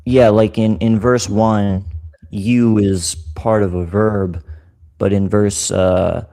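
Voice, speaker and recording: A man explaining Bible passages in a casual study group, slowly repeating and restating his points. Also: fairly low pitch, fairly even intonation, mellow. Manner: slow, repetitive explaining with restarts.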